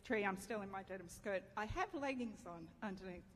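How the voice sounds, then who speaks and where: A woman's voice: mid-range voice, animated, a little fast, slight background noise. Woman preaching in a reverberant hall. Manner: candid, self-deprecating, laughs often. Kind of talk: sermon with personal story. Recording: reverberant hall, faint ambience.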